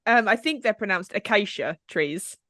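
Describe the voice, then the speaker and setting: A woman's voice: medium pitch, expressive, normal speed, sharp tone, no echo, studio quality. A woman in her thirties co-hosting a podcast, telling stories in casual chat, laughing often and swearing freely. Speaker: podcast co-host.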